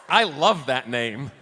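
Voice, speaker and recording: A high, bouncy male voice that swoops up and down as he spins cheeky, campy stories for a convention crowd. He talks in energetic bursts, full of restarts and asides. The sound carries a long hall reverb with faint noise underneath. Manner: campy, bawdy, playful joking with the crowd; energetic, rambling anecdotes with many restarts. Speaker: celebrity convention panel guest. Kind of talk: live convention Q&A storytelling. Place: large convention hall panel room.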